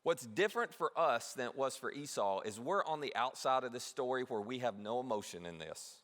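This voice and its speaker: A man preaching a sermon as pastor, telling a story with animated delivery and asking the audience questions. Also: medium pitch, a little fast. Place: large church hall. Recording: long reverb of a big hall.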